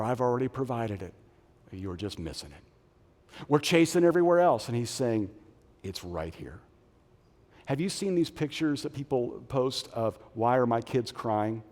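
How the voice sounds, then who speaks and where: A middle-aged man preaching a sermon as a pastor, animated, moving between loud punchy lines and soft low phrases. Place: church auditorium. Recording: long reverb of a large hall.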